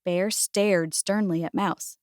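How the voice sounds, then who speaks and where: Woman reading a storybook slowly. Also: lowish voice, clear, resonant tone, no room sound, studio quality. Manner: gentle, expressive, unhurried. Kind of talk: reading a picture book aloud.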